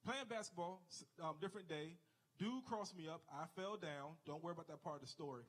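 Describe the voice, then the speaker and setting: A man's voice: fairly high pitch, fast talker, fairly bright tone. A man doing a stand-up comedy set on a club stage, telling stories and acting out the people in them with exaggerated voices. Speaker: stand-up comic.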